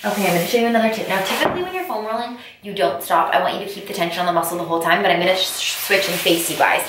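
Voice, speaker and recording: A woman fitness instructor talks viewers through an exercise while she does it on the floor. Her coaching is upbeat and direct. Her voice sits at an ordinary middle pitch, recorded from a distance in a very echoey room. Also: racing, noisy background. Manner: upbeat coaching, addresses viewers as you guys. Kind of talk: instructional workout video. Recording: very echoey room, mic far off.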